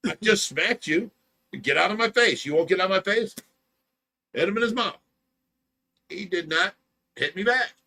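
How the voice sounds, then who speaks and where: A man's voice: a little high, bright, forceful tone. A man hosting a livestream, casually telling a long story, rambling with lots of "you know" and "blah blah," and getting heated as he retells an argument. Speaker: livestream host.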